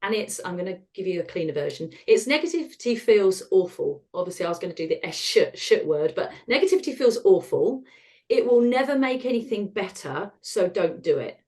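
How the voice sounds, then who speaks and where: A woman's voice: on the low side, lively intonation, a little fast, few pauses. Lady in her 50s, podcast guest, candid, self-deprecating, laughs at the grim stuff. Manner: frank and self-deprecating, laughs at dark moments. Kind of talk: candid conversational storytelling.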